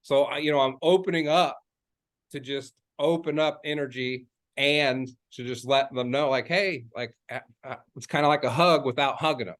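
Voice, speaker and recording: A man's voice: medium pitch, fairly even intonation, moderate pace. Guy coaching other agents, rambly, lots of like and um, repeats stuff to drive it home, regular mid voice. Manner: chatty and rambling, many fillers and restarts; repeats key phrases for emphasis. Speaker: real estate agent and trainer. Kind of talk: casual coaching talk.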